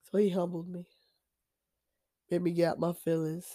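A woman's voice: lowish voice, flat delivery, moderate pace, long pauses, warm tone. A woman sharing her own faith testimony in a casual, preachy way, emphatic and repeating herself with frequent restarts. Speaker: Christian vlogger sharing testimony.

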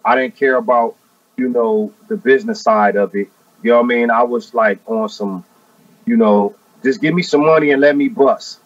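A man in his forties, a rapper being interviewed, talking in a relaxed, casual way and often adding "you know what I mean.". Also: medium pitch, moderate pace, no echo, far from the mic. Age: 40s. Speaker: rapper guest. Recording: dry, muffled audio from off-mic.

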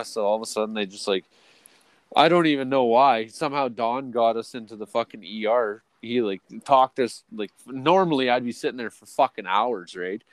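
A man's voice: medium pitch, fairly quick, no room sound. A young adult man telling a rambling story with heavy swearing and lots of fillers, co-hosting a casual podcast chat. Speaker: podcast co-host.

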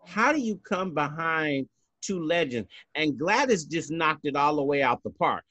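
A man's voice: on the high side, lively intonation, moderate pace, pushed and bright, dry recording. Sassy outspoken man podcasting. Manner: sassy, emphatic, swears freely. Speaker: podcast co-host. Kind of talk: casual chat.

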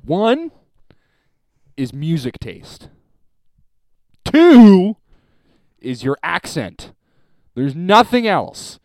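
Young male co-host, animated and jokey, dry close-mic sound. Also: high voice, drawn-out words, pauses often, no echo. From Canada. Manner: animated, jokey, swears freely. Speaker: podcast co-host. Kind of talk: casual chat.

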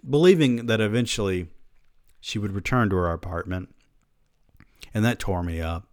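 A man's voice: low-pitched, no echo, clean studio sound. A man reading a story aloud who keeps breaking off to mock himself in sardonic comic asides. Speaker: reader of a story.

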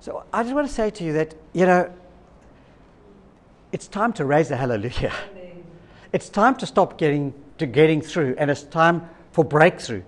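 A man with a notably high speaking voice preaches to his congregation. He tells a story from his own life in a lively way, acting out each part of the dialogue. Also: moderate pace, long pauses. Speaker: pastor. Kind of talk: sermon with personal story.

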